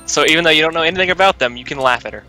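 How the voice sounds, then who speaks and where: A man's voice: a little high, very fast, sharp tone, soft background music, low-quality recording. A young man streaming a video game with a friend, chatting and joking. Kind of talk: let's play banter.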